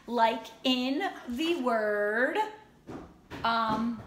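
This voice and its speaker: Slow, bright-voiced woman teacher reading aloud. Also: mid-range voice. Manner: slow, expressive storybook reading. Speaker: first grade teacher. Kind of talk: reading a picture book aloud to children. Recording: roomy echo, faint ambient noise.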